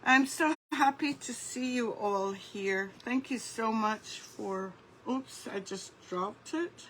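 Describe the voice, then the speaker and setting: A woman's voice: fairly high pitch, takes it slowly, fairly bright tone, rough recording. A woman hosting a casual craft livestream, chatting and greeting viewers by name as she works. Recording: faint background noise.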